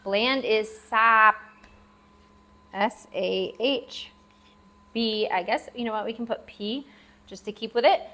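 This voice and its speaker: A woman teaching a language lesson, patiently repeating words slowly and spelling them out. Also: on the high side, bright, forceful tone. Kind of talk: classroom-style language lesson. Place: lives abroad in Southeast Asia.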